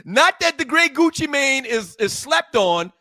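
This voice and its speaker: Teasing high-voiced male podcast co-host. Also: sing-song, unhurried, pushed and bright, no room sound. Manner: teasing, playful, laughs often. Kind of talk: casual sports talk banter.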